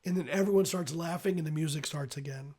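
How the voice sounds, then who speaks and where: A man narrating as game master, describing scenes in a loose, halting way with restarts. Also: on the high side, a little mellow.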